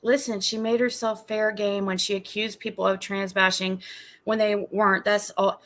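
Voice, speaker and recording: A woman's voice: medium pitch, normal speed, a bit bright. A woman streamer giving drama commentary on a livestream, ranting in an exasperated, indignant way.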